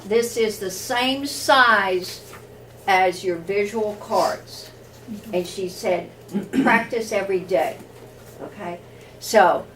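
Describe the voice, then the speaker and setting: A woman's voice: medium pitch, slight background noise. A woman teaching a workshop in a classroom, speaking informally with many fillers and restarts. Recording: distant room recording with faint ambience.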